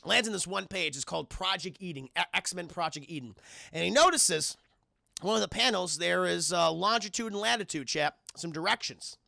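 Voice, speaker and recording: A man excitedly recapping a film scene by scene on a live stream, swearing freely and constantly addressing his chat. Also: high-pitched, normal speed, creaky, dry recording, clean studio sound.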